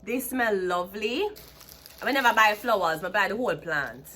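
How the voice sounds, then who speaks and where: A woman with a Jamaican accent giving a chatty tarot card reading, excitable and repeating herself. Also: medium pitch, normal speed. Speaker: tarot reader. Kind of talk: casual tarot reading to camera.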